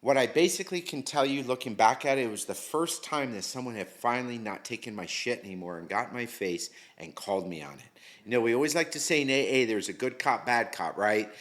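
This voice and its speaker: A man's voice: medium pitch, animated, brisk, fairly bright tone. Middle-aged man, interview guest; candid, casual storyteller, slangy and profane. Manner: candid, slangy, swears freely.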